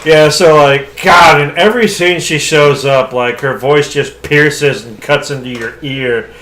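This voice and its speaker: A man's voice: fairly high pitch, steady tone, measured pace, a bit bright, slight background noise. A man co-hosting a podcast, chatting casually and opinionatedly about an old movie, swearing freely. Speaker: podcast co-host.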